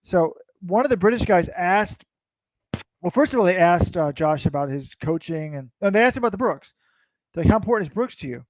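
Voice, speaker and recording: A man's voice: high voice, lively intonation, moderate pace, dry recording, rough recording. A man co-hosting a casual sports recap, telling stories in a rambling, self-interrupting way. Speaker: co-host.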